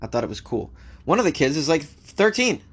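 Fairly high and sing-song, this American man's voice is a bit bright, slightly rough, and fairly quick as he hosts a news show. He reads stories aloud and answers them with wry jokes in a laid-back commentary manner.

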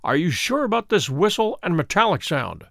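Sherlock Holmes, calm and incisive, read by a man. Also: high voice, vocal fry, no room sound, clean studio sound, exaggerated voice. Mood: probing. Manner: brisk, probing questions. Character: calm, incisive male detective questioning a client. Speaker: audiobook reader. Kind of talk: storybook reading.

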